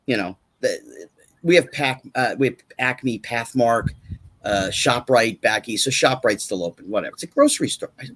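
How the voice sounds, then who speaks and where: A man's voice: medium pitch, expressive, moderate pace, a bit bright, breathy edge. A man talking as a guest in a casual chat, emphatic and repetitive, firing off rhetorical questions.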